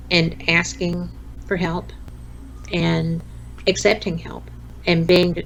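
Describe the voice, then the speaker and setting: A woman guest with a low, gravelly voice, telling her story in an earnest, measured way. Faint noise hums behind her. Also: rough recording. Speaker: podcast guest. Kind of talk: casual interview chat.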